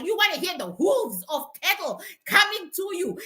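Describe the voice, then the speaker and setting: Middle-aged woman, very bright and piercing tone, blunt profane livestream chatter who laughs a lot. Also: high-pitched, sing-song, normal speed, hardly any pauses. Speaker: spiritual teacher. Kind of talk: casual livestream chat.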